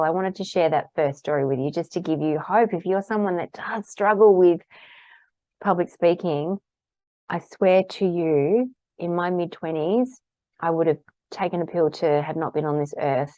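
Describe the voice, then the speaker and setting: A woman's voice: deep voice, darkish tone, dry recording, lo-fi sound. A woman practitioner giving a casual, candid talk about tapping, acting out the phrases she repeats aloud while tapping.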